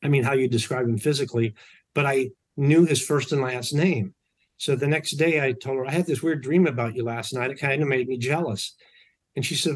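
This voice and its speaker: A man's voice: mid-range voice, a little fast, slightly rough. A man being interviewed, telling personal stories in a chatty way, often correcting himself mid-sentence. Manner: chatty, anecdotal, with self-corrections. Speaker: podcast guest. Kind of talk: storytelling in an interview.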